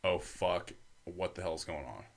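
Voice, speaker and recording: A man's voice: low-pitched, unhurried, gravelly. A young man, a podcast guest, telling a story casually, full of swearing and fillers. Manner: profane, rambling, many fillers.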